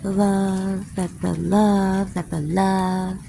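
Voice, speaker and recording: A woman's voice: mid-range voice, little pitch movement, takes it slowly, creaky, mellow, slight background noise. A woman poet teaching a casual spiritual class outdoors. She speaks candidly, swears freely, and laughs often. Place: outdoors, with planes passing overhead.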